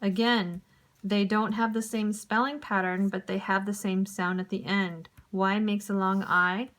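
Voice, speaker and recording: A woman teacher giving a recorded lesson to young pupils, speaking clearly and deliberately. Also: medium pitch, fairly even intonation, fairly bright tone.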